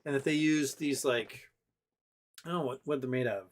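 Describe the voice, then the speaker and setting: Talking at a moderate pace and medium pitch, this man hosts a laid-back livestream. He reads viewer chat aloud, rambling, filling pauses, and restarting often.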